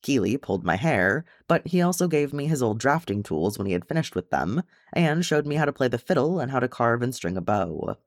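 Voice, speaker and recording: A brash, earnest young dwarf man, as a male narrator voices him, pushing his voice higher than the reader's own. He talks in an impassioned way, with a wide swing of pitch. Close, dry sound. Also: sing-song, fairly quick, hardly any pauses, dry recording. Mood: fond.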